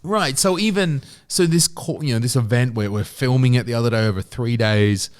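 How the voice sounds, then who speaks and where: A man's voice: mid-range voice, normal speed. An Australian man co-hosting a podcast in a studio, ranting and swearing in casual chat. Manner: ranting, profane, animated storytelling. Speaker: podcast co-host.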